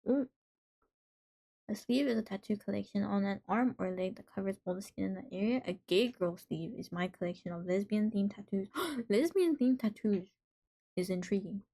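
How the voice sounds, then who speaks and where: A woman's voice: medium pitch, moderate pace, warm tone. A woman hosting a live stream in casual chat, reading out messages from viewers and reacting to them playfully. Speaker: livestream host.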